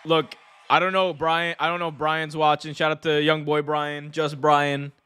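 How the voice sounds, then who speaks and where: A man hosting a live wrestling watch-along, talking in an excitable, slangy way and laughing often. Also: on the high side, moderate pace, smooth. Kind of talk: live reaction commentary.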